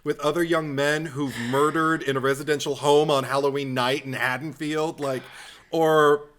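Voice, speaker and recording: Upbeat guy on a film podcast, bright kinda high voice, swears a lot. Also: normal speed. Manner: animated, swearing, acts out scenes. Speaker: podcast host. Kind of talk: casual film review chat.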